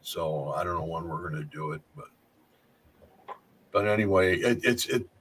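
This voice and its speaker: A man's voice: sits low, expressive, moderate pace, a bit bright, a little hiss or hum, low-quality recording. A man telling paranormal stories in a casual chat, rambling and restarting his sentences often. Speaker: paranormal investigator.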